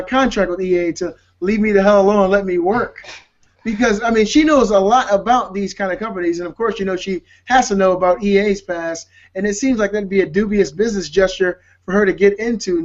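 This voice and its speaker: High voiced dude rambling about games, lots of uh and restarts, muffled call audio. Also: male voice. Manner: rambling, hesitant, joking. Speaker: podcast co-host. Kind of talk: casual chat.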